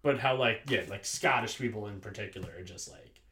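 A man's voice: on the low side, fairly quick, sharp tone, roomy sound. A man co-hosting a podcast in casual chat, rambling and profane and often laughing. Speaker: podcast co-host.

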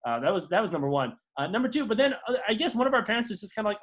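A podcast co-host telling rambling stories in casual chat, full of fillers and restarts, and swooping high when excited. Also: very fast, few pauses.

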